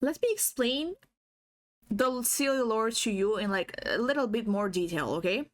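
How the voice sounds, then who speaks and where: High-voiced rambling woman streamer. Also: lively intonation, moderate pace. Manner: rambling, giggly, swears freely; many fillers and restarts. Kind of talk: casual livestream chat. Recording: faulty stream audio.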